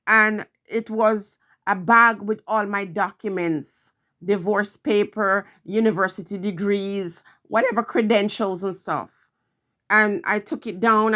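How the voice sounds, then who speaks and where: A woman's voice: medium pitch, fairly bright tone. A middle-aged woman vlogging, telling a personal story in an earnest, emphatic way, repeating her phrases.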